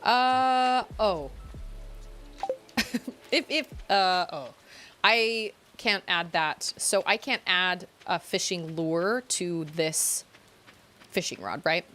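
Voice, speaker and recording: A woman streaming a game, chatting casually, giggling and thinking out loud as she plays. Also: lowish voice, drawn-out words, soft background music. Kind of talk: casual gameplay streaming chat.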